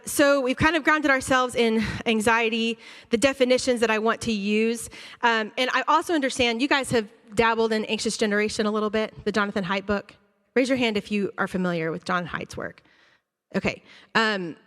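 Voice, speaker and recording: A woman school counselor giving an animated, conversational talk to a church audience, acting out her students' reactions. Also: a little high. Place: church auditorium. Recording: long hall reverb.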